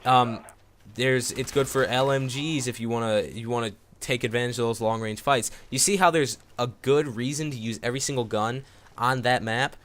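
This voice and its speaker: A man's voice: mid-range voice, moderate pace, fairly bright tone. A young man giving casual gameplay commentary, rambling and repeating words with many fillers. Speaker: gaming commentator.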